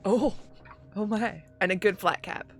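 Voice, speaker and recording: A bubbly woman with a Yorkshire accent hosts a tabletop game stream. Her voice is bright and forward, and her pitch is mid-range. She opens the session with a playful touch. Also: unhurried, soft background music. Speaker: game master.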